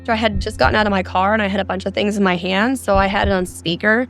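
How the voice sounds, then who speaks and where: On a podcast, a woman from Arizona who has four children tells the story of a frightening phone call in earnest detail. She talks fast in a steady, medium-pitched voice over soft background music.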